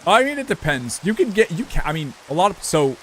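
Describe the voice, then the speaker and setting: A man's voice: high voice, big pitch swings, brisk, slight background noise. Profane young man chatting on stream. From United States. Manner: rambling, loose and profane, talks to chat. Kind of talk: casual live-stream chat while gaming.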